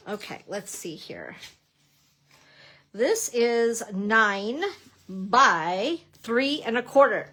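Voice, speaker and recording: A talkative middle-aged woman with a fairly high voice leads a relaxed craft lesson on a livestream. She chats and greets her viewers by name as she works, and often breaks into easy laughter. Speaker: papercrafting instructor. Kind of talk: casual craft tutorial livestream.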